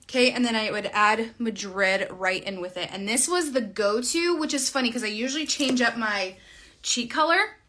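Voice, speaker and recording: Young woman, bright and a bit high-voiced, rambling casual makeup tutorial. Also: normal speed. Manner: chatty, rambling, trails off mid-sentence. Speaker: makeup vlogger.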